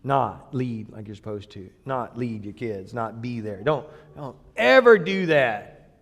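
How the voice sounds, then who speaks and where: A man's voice: medium pitch, lively intonation, unhurried, in a large hall. A male pastor preaching a sermon in a church, telling the story in a folksy, joking way. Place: church sanctuary.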